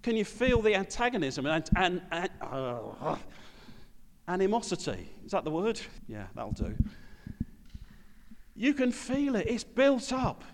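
A man preaches a sermon in a chatty, conversational tone, asking the congregation questions as he goes. His voice sits fairly high for a man. A long reverb from a large hall follows every phrase. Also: very animated, a little slow, a little hiss or hum.

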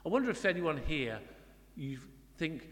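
A man's voice: a little high, sing-song, moderate pace, fairly bright tone. A man preaching a sermon, speaking in a reflective, conversational way with frequent restarts. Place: church. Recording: long church hall reverb.

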